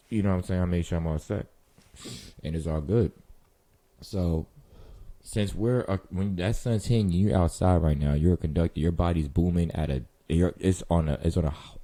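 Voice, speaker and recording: A man's voice: sits low, dark tone. A man hosting his vlog, talking in a rambling, slangy and profane way straight to the listener. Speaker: vlog host. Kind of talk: casual monologue to camera.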